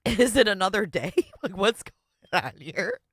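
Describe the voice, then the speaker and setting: Giggling woman host, lively slow drawl. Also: mid-range voice, slightly rough, no echo, studio quality. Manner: giggly, laughing constantly, swearing freely. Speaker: livestream host. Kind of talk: casual livestream reaction commentary.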